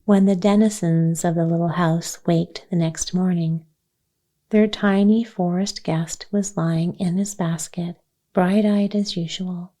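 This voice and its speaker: A woman reads a children's chapter book aloud as a bedtime story meant to help listeners drift off to sleep. Her voice is soft, mellow and low in brightness, and she reads gently at a very slow, soothing pace. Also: steady tone. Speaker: audiobook narrator.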